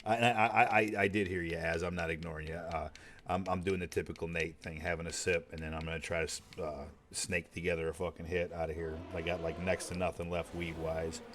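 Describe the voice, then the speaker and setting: A man's voice: deep voice, steady tone, a little fast, a bit bright, a little hiss or hum. A man chatting casually while streaming a game, rambling and swearing freely in a laid-back way. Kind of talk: casual chat while gaming.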